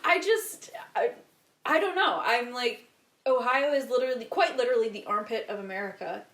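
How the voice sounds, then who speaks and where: A blunt, outspoken woman hosts a podcast and exaggerates her opinions for effect. Her voice sits a little higher than most, and the roomy recording adds a clear echo. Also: normal speed, a bit bright. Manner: blunt, exaggerating, laughs often. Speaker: podcast host. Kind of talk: casual chat.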